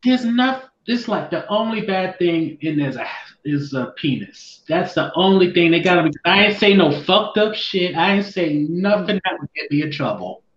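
A guest in casual podcast chat, talking bluntly and wryly with plenty of swearing. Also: mid-range voice. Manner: blunt, profane, wry. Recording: echoey muffled room with faint noise.

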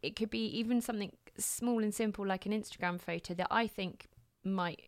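A woman's voice: mid-range voice, steady tone, a little fast, no room sound, clean studio sound. A woman in her thirties co-hosting a casual chat, talking in a reflective way and laughing often. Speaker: podcast co-host.

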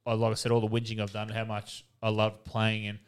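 A man's voice: on the low side, completely flat delivery, a little fast, smooth. A man in his thirties with an Australian accent, a retired footballer chatting as a guest and telling candid, rambling stories with swearing and laughter. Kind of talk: casual podcast storytelling.

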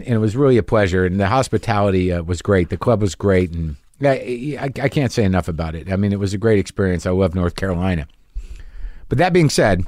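A middle-aged man, a podcast host and comedian, telling a stage story in a casual rambling monologue, stumbling over repeated words and jumping up in pitch when he acts out people from the crowd. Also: no echo, clean studio sound. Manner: voice rises sharply when acting out audience members.

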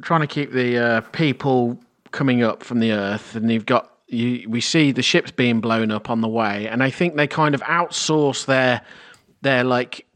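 A man's voice: medium pitch, measured pace, a bit bright. A man co-hosting a casual film podcast, explaining plot points at length with some hedging. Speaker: podcast co-host.

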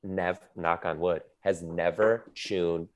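A man chatting casually as a podcast guest, telling quick stories full of "like". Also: deep voice, fairly even intonation. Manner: quick, chatty storyteller with many "like"s. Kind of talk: casual chat.

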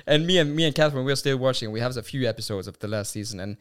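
A man co-hosting a podcast in English, which is not his first language (Norwegian), laughing a lot and talking in an animated, casual way. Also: medium pitch, racing, clean tone. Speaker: podcast co-host.

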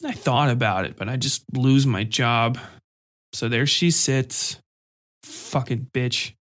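Man doing a slow, slurring drunk office creep. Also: medium pitch, steady tone, lightly acted. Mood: bitter. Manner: slow, sloppy, drunken muttering. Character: drunk, crude, leering male office programmer.

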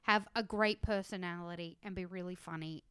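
A woman co-hosting a podcast, chatting casually and playfully about a reality dating show, laughing and doing quick impressions. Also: lowish voice, fairly even intonation, bright, forceful tone, clean tone, no echo, clean studio sound. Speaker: podcast co-host.

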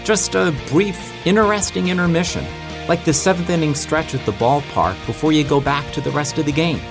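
A man's voice: on the high side, brisk, gravelly, music in the background. A man hosting an interview show, delivering an upbeat scripted introduction before interviewing his guest. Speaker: podcast host and interviewer.

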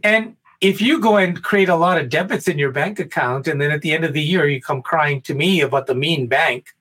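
A man talking on a podcast, telling a spiritual parable in an animated way, stumbling over many restarts. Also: on the high side, a little fast, husky. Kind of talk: spiritual talk and storytelling.

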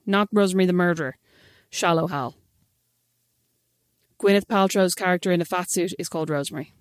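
A young woman talks at a rapid clip on a podcast, opinionated and dryly funny as she banters with her sister. The sound is close and dry. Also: fairly low pitch, no room sound. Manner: quick, opinionated, dry wit. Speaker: podcast co-host. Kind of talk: casual chat, podcast sign-off.

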